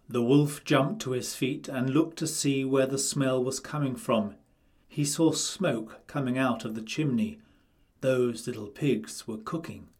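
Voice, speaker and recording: A man narrating a children's storybook in a calm, deliberate way. His voice sits at an ordinary pitch, and he takes his time, reading slowly and clearly with space between phrases.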